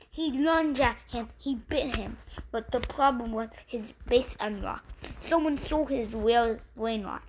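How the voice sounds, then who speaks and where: A woman tells a made-up story off the cuff, piling one sentence onto the next and restarting often. Her voice is fairly high for a woman, and she never stops to tidy up. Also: a bit bright. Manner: rambling, run-on, with restarts. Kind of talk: improvised story narration.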